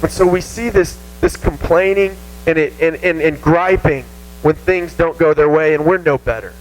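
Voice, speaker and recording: A man with a Southern American accent preaching a casual, animated sermon to a youth group, poking fun at himself. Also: fairly high pitch, normal speed, slight background noise, rough recording. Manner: animated, self-mocking, acts out whiny voices. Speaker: youth pastor. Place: church youth room.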